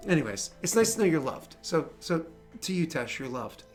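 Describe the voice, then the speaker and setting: Speaking at normal speed in a fairly high voice, the man running the tabletop game tells an animated story with plenty of swearing. He acts out his friends' reactions as they chat casually, with faint music behind.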